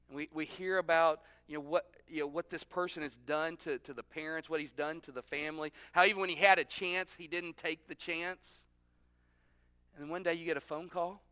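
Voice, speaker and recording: High-voiced, bright male preacher. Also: steady tone, normal speed, smooth, no room sound, studio quality. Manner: conversational, acts out the voices of people in the story. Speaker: pastor. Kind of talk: sermon.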